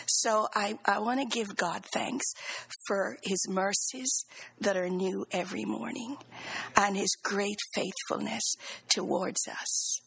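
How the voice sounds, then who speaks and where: A middle-aged woman giving an earnest, halting testimony of thanks in church, sometimes dropping into soft whispered phrases. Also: mid-range voice, creaky, breathy edge, low-quality recording.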